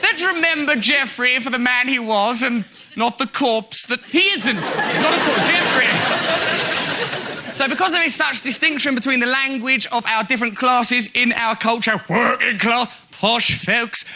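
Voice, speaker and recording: Brief: male comic host, high lively voice, rapid mocking monologue, audience buzz behind. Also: noisy background. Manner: animated, mocking, rapid asides. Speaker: comedy host. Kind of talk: stand-up comedy monologue.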